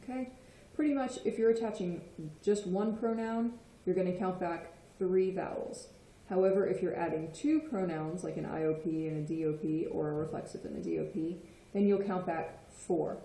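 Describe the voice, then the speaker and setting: Teacher type: woman, low-ish mellow voice, patient explainer, roomy echo. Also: steady tone, moderate pace, hardly any pauses. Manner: patient, checks in with frequent "okay?". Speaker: Spanish teacher. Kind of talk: explanatory lesson. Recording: echoey room.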